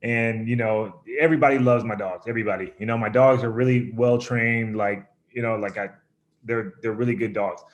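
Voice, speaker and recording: A man's voice: lowish voice, fairly quick. A young adult man, a pro baseball player, casually telling a long story, rambling with lots of fillers and acting out what people said. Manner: relaxed, rambling, full of fillers, acts out quotes. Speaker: professional baseball pitcher, guest.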